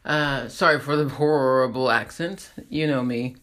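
A woman's voice: sits low, unhurried, hardly any pauses, a bit bright. A woman hosting a casual, rambling motivational monologue, laughing at herself as she encourages listeners. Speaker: host.

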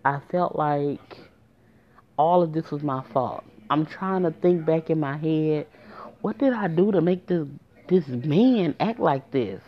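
A woman's voice: deep voice, animated, slow. Woman telling a story on a muffled lo-fi recording. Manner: emotional, conversational, addresses viewers directly. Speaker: storyteller vlogger. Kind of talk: casual storytime narration. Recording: dull lo-fi recording.

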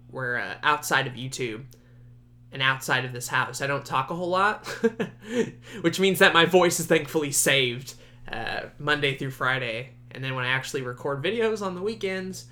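A young man hosting his own podcast, chatting casually and rambling, often laughing, his voice jumping high at times. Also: sharp tone. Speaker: podcast host. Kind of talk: casual solo podcast chat.

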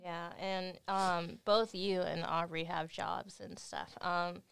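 Young woman host, slow and hesitant, lowish smooth voice. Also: level tone, a bit bright. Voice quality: unhurried, hesitant, laughs often. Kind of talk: casual chat.

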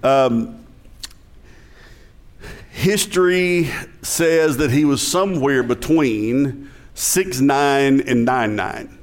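A man's voice: mid-range voice, extremely slow, pauses often. A male pastor with a Southern US accent preaching a sermon in a conversational style, asking the congregation questions.

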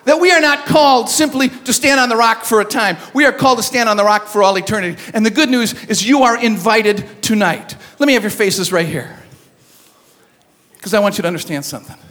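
A man with a very high, bright, forceful voice preaching to a youth gathering. He mixes comic storytelling with emphatic, shouted points and calls for the crowd to answer back. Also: a little fast. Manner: animated comic storytelling with call-and-response. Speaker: youth event speaker. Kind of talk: humorous sermon to a live audience.

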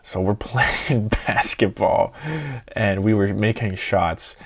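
A young man casually telling a party story, excitable and swearing often, acting out his friends' lines. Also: on the low side, slow pace.

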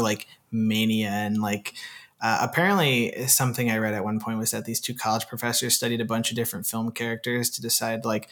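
A man's voice: fairly low pitch, a bit bright. A man co-hosting a casual film discussion, rambling and hedging with "you know" and "like".

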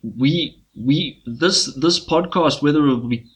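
A man's voice: on the high side, a little slow, husky. A man co-hosting a casual podcast, talking in an easygoing, rambling way with frequent restarts. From South Africa. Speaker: podcast co-host.

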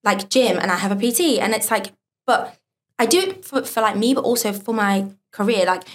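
Young woman, softened Geordie accent, podcast guest, chatty, filler-heavy, mid pitch. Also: expressive, a little fast. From North East England. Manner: chatty, many "like" fillers, laughs often. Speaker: guest performer. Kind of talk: casual podcast chat.

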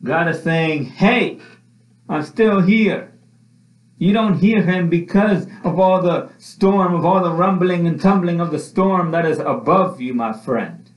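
A man's voice: a little high, unhurried. A man preaching a sermon with passion, repeating his phrases as his voice rises and falls. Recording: echoey room, dull lo-fi sound.

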